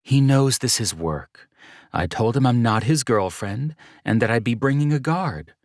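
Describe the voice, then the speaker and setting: A man reading a sarcastic, defiant young woman in an audiobook, teasing and deadpan by turns. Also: mid-range voice, unhurried, dry recording, clean studio sound, voice pushed up.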